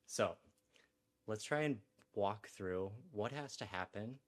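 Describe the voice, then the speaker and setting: A man's voice: on the low side, expressive, takes it slowly. A young adult man hosting a podcast in casual conversation. He is reflective and explains things step by step, often checking in with "right?". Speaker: podcast host.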